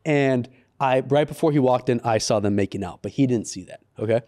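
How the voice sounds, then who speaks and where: A man co-hosting a casual studio podcast, telling an animated story and acting out the people in it. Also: medium pitch, fairly quick. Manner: animated storyteller, acts out quotes in raised voice. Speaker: podcast co-host.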